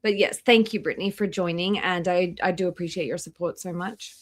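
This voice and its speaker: A woman's voice: on the low side, steady tone, a little fast. A young Australian woman hosting a reaction livestream, blunt in her opinions and greeting chat members as she goes. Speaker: livestream host.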